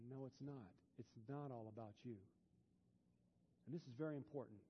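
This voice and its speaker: A pastor preaching a sermon in a church, dropping to a hush and then building to loud, fervent peaks. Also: male voice, mid-range voice, fairly quick. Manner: swings from hushed to loud and fervent. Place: church sanctuary. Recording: dull, long hall reverb.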